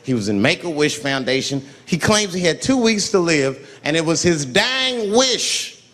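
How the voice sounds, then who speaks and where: Animated profane male stand-up comic. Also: a little high, measured pace. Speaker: stand-up comedian. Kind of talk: stand-up comedy. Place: comedy venue on stage. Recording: live club recording, reverb, audience laughter.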